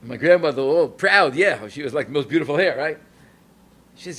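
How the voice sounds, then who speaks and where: A man's voice: on the high side, sing-song, a little fast, bright, forceful tone. A rabbi giving a Torah lecture, telling a personal story and mixing Yiddish and Hebrew phrases into his English, at times rising to emphatic calls.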